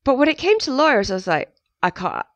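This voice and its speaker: A middle-aged woman, a journalist, speaking frankly as a guest in an interview, telling her story with lively quoted asides. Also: high-pitched, fast talker, no echo. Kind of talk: candid interview conversation.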